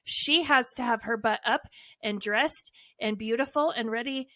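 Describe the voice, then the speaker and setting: A woman co-hosting a casual podcast, her voice sitting a little high. She tells her stories bluntly and animatedly, with wry asides. The sound is dry and close, with almost no room behind it. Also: measured pace, a bit bright, dry recording. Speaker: podcast co-host. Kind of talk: candid casual conversation.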